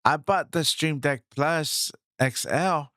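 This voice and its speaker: A man chatting in a casual vlog about his new microphone setup, excited, repeating himself and talking straight to viewers on a studio mic. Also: fairly high pitch, slow, dry recording. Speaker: streamer reviewing his gear. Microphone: studio microphone, swapped between two.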